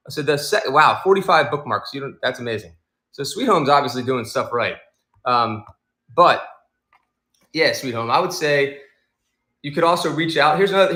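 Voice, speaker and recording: A chatty man hosts a casual livestream and rambles as he answers his viewers. His voice is bright and a little high. The room around him sounds echoey. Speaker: livestream seller host.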